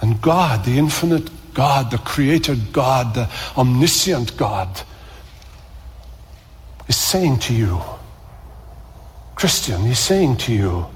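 Earnest preacher in a reverberant hall. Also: male voice, mid-range voice, lively intonation, breathy edge. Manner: earnest, repeats words, slows for emphasis. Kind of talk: sermon.

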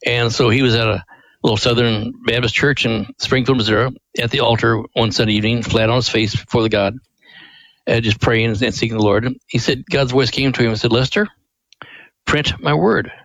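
An older man being interviewed as a ministry guest, telling a story in a folksy, animated way. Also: mid-range voice, fairly quick, no echo, rough recording.

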